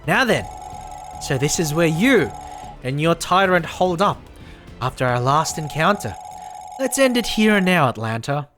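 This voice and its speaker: A man voicing a theatrical, menacing male villain in a game, dropping his voice low and slow. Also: very animated, a bit bright, soft background music. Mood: threatening. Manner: slow, deep, dramatic monologuing.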